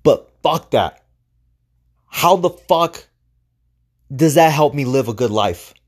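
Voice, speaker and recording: Taking things slowly, this animated man with a slightly high voice hosts a podcast, offering a motivational monologue that's profane and emphatic and studded with rhetorical questions.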